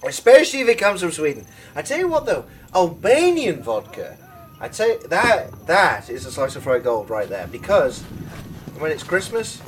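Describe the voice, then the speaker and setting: Excitable high-voiced man shouting over gameplay. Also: moderate pace, recorded from a distance, a little hiss or hum, rough recording. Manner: excitable, swearing, sudden shouts and laughs. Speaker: gaming video host. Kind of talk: casual gameplay commentary.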